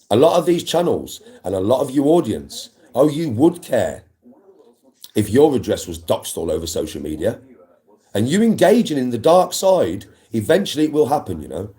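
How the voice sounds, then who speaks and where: A man's voice: medium pitch, big pitch swings, moderate pace, warm tone. A man, a livestream host, ranting at live viewers in an aggressive, defiant, swearing way.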